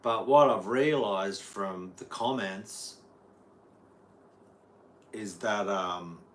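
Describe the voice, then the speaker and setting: A man's voice: fairly low pitch, extremely slow, slight background noise. An Australian man, a guitar teacher, rambling casually on a livestream and answering viewers' chat. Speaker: guitar teacher streaming live.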